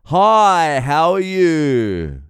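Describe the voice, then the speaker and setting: A man's voice: on the high side, wildly swooping pitch, drawn-out words, a bit bright, smooth, no echo, clean studio sound, pitched above the performer's own voice, exaggerated voice. A man putting on the voice of an eager man on a train who talks at the top of his voice. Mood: loud, eager.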